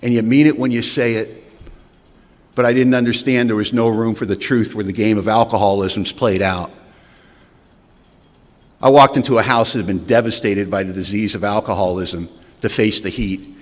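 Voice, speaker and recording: A man with a lowish voice tells his own story of recovery, blunt and wry, sometimes acting out old arguments. He speaks at a podium microphone in a meeting hall, and his words ring out with a long reverb. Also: fairly even intonation, normal speed, pauses often. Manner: candid, wry storytelling that acts out past dialogue. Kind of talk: personal recovery testimony.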